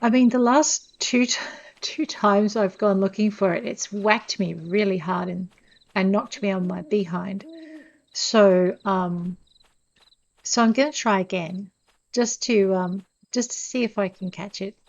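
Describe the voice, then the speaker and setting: A woman's voice: mid-range voice, a little slow, creaky. Chatty woman doing game commentary, pokes fun at herself, talks to the viewers, kinda muffled lo-fi mic. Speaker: gameplay narrator. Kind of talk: casual let's-play commentary.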